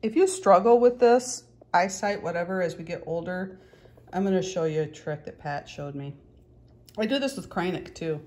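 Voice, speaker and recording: A woman's voice: fairly low pitch, normal speed, darkish tone. A middle-aged woman chatting casually and joking about herself as she demonstrates stitching techniques at home. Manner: chatty, joking, self-deprecating. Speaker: cross-stitch vlogger. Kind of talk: casual tutorial chat.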